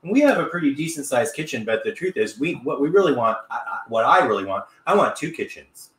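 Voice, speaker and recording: A man's voice: mid-range voice, very animated, fast, a bit bright. Middle-aged guy chatting on a cooking livestream, upbeat, echoey kitchen. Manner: chatty, upbeat, reads viewer comments aloud. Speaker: cooking show host. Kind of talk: live stream chat. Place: home kitchen.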